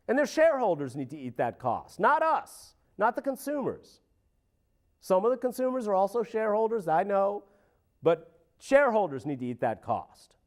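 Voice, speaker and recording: Man, local show host, high voice, very lively pitch, sarcastic ranting commentary. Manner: animated, sarcastic, mocking voices.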